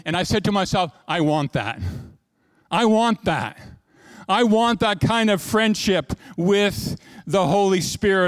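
High-voiced folksy male pastor preaching. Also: smooth, no room sound, studio quality. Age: middle-aged. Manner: folksy and conversational, repeats words, engages the congregation. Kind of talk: sermon.

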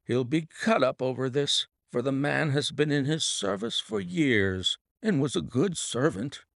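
Man voicing a brisk, genial old-school colonel with lively intonation, dry recording. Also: medium pitch, vocal fry, dry recording, voice pushed up. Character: bluff, hearty country colonel, middle-aged.

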